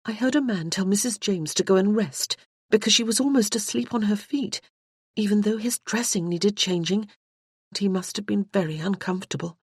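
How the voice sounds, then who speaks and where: An audiobook narrator voicing an anxious, grieving young noblewoman who speaks earnestly and pleadingly, rising in pitch. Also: moderate pace, husky, dry recording, studio quality. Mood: impassioned. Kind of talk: audiobook character voice.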